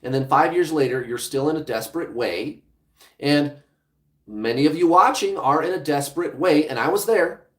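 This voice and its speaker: A man's voice: on the high side, normal speed, fairly bright tone, roomy sound. A man hosting a livestream as a relationship coach, speaking bluntly and casually, with some swearing, straight to his viewers.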